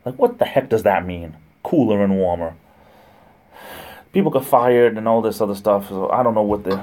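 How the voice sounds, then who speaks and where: A livestream host with a lowish, warm voice talks fairly quickly in a casual live-stream chat. He rambles, rants and reads the chat aloud.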